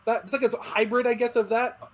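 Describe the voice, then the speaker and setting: A man's voice: very high voice, brisk, rough recording. Laid-back man chatting, laughing often. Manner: laughing, relaxed, profane. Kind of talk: casual chat.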